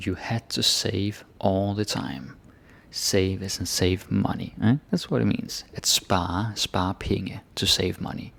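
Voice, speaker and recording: Gravelly low man teaching. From Denmark. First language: Danish. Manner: relaxed explaining, slows down to read phrases. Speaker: language teacher. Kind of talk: casual language lesson.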